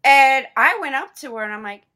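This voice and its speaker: A woman's voice: high voice, animated, brisk, sharp tone. A woman hosting a casual conversation, agreeing enthusiastically.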